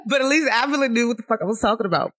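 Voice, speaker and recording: A woman's voice: on the high side, animated, racing, fairly bright tone. A woman in her thirties hosting a podcast in casual chat, playful and laughing, stuffy from a cold. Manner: playful, laughing, self-mocking. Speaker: podcast host.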